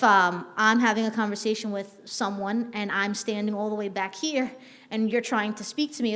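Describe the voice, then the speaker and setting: Woman trainer with a long reverb. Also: medium pitch. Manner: conversational, checks in with "right?"; frequent "um" fillers and restarts. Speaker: staff trainer. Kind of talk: workplace training talk.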